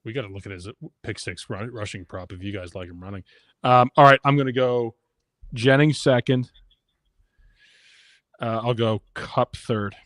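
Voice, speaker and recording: A man hosts a casual fantasy football and betting show in a mid-range voice. He runs through picks briskly and ribs his co-hosts between them. The sound is dry and close, with no room tone. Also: mid-range voice, fairly even intonation, a bit bright, no room sound. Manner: brisk, runs the draft order, teasing. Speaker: podcast host. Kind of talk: casual sports betting chat.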